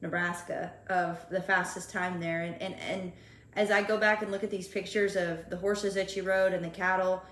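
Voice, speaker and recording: A woman's voice: fairly low pitch, level tone, moderate pace, fairly bright tone. A woman hosting a podcast interview, asking questions with many restarts. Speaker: podcast host. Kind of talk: casual interview. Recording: roomy echo, faint noise.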